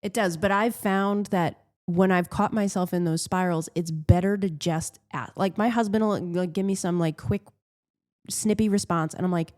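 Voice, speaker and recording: Married lady co-hosting a podcast, mellow voice, rambly chatty style. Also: fairly low pitch, steady tone. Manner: quick, chatty, full of likes. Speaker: podcast co-host. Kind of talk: casual chat.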